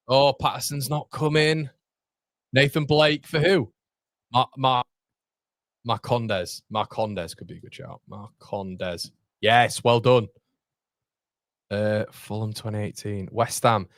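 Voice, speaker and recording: Excitable man streaming a football watchalong. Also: lowish voice, slow, pauses often, no echo, clean studio sound. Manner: excitable, chatty, reacting to chat and match action. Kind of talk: live football watchalong chat.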